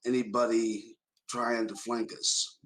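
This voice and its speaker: A man's voice: mid-range voice, flat delivery, takes it slowly, a bit bright. A man playing a tabletop game, stating his moves in a matter-of-fact way. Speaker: player.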